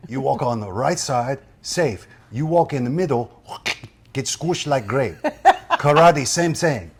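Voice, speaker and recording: Film impression: man doing a wise old karate sensei, clipped broken English, calm. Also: medium pitch, unhurried, breathy edge, voice pushed up. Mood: teaching. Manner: clipped broken English, sing-song proverbs. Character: wise elderly male karate teacher, calm.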